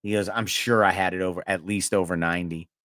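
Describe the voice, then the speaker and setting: A man's voice: low-pitched, fairly even intonation, fast, a bit bright, no room sound, clean studio sound. A man co-hosting a podcast, telling rambling anecdotes in casual chat with frequent laughs and swearing. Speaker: podcast co-host.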